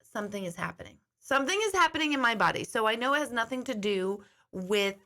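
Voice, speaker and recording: Middle-aged lady rambling on to her viewers, bright tense voice, chatty storyteller. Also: on the high side, animated, fast. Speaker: intuitive host. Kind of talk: casual chat to viewers.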